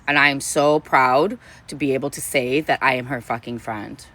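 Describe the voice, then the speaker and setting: A woman's voice: rumbling low, steady tone, moderate pace, fairly bright tone. A woman chatting casually on a livestream, effusive and gushing, swearing constantly as she talks. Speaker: streamer.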